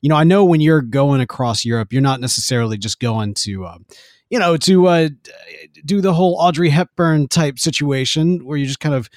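A man's voice: on the high side, a little fast, darkish tone, dry recording, clean studio sound. A man hosting a casual podcast, asking questions and teasing his co-host. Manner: playful, teasing, lots of fillers.

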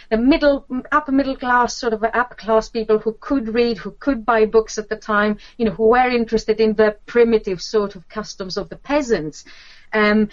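A woman's voice: a little high, no echo, lo-fi sound. Hesitant woman lecturing, dry sound. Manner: hesitant, many fillers and restarts. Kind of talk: lecture on literature and folklore.

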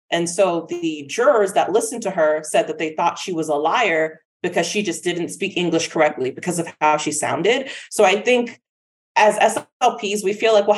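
Earnest woman guest, lower voice. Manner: earnest, persuasive. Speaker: guest speech-language pathologist. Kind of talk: conversational interview.

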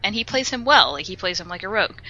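A young woman co-hosting a casual podcast, telling an animated, swear-filled story about her tabletop group. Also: mid-range voice, fast talker, muffled recording, slight background noise. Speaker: podcast co-host.

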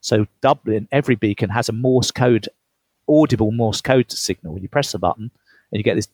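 Brief: low, husky male guest, dry close sound, chatty anecdotes. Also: fairly quick, a little mellow, no echo. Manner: chatty, laughs often, restarts mid-phrase. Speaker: guest, author. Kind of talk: storytelling interview.

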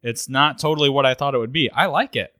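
A man co-hosting a podcast, chatting casually, relaxed and chuckling as he thinks aloud. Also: medium pitch, fast talker, no room sound, clean studio sound. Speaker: podcast co-host. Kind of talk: casual chat about cocktails.

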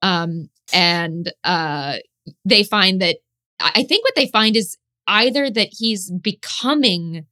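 A woman talks casually as a podcast guest, quick to get excited and loose with her language. Her voice is bright and forward, with a medium pitch. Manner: chatty, excitable, casual swearing. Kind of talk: casual chat.

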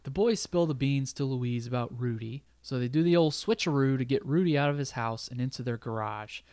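A man's voice: mid-range voice, darkish tone, no room sound. A man in casual podcast chat, walking through a movie's plot and laughing often. His voice sits mid-range and sounds close and dry, with no room around it. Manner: recaps the plot, laughs often, quotes lines in quick bits. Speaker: podcast co-host recapping a film.

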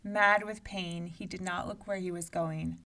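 A woman narrating a storybook aloud in an expressive, measured way. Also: lowish voice, creaky, recorded from a distance, background noise.

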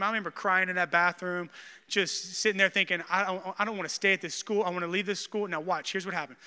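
A man, a pastor preaching a sermon with animated personal storytelling and self-deprecating humor. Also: high voice, fairly quick, clean tone, big-room sound.

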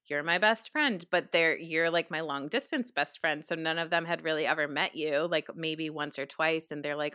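A young woman with a New York accent co-hosts a casual podcast, speaking frankly and animatedly with a friend. Her voice is low-pitched with a sharp tone and a moderate pace. The studio-quality recording has no room sound.

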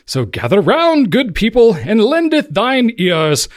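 A man's voice: high-pitched, wildly swooping pitch, a little slow, pitched above the performer's own voice, heavily acted. Guy doing a pompous old-timey herald in a wobbly fake british accent, swoops up and down. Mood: grandiose. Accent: put-on British. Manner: grand, archaic, stumbling. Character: pompous Shakespearean herald man.

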